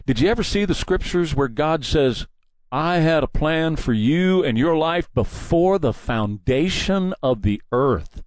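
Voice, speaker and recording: A man's voice: on the high side, lively intonation, a little slow, no echo. A man hosting a political commentary show, delivering a combative, preachy and mocking monologue. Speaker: talk show host.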